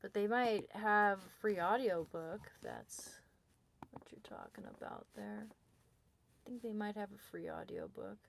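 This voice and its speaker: A woman chatting casually on a livestream at home, often dropping to soft murmurs and sing-song repetition. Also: mid-range voice, unhurried, creaky, slight background noise. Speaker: livestream host.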